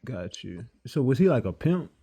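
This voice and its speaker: A man's voice: medium pitch, sing-song, moderate pace, mellow, husky. A man interviewing a guest, asking blunt, probing questions in a casual way.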